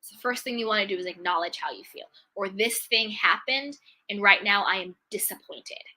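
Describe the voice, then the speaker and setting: A woman giving a motivational self-love talk as a coach, speaking emphatically and repeating key phrases, slowing down to stress them. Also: medium pitch, sharp tone, rough recording.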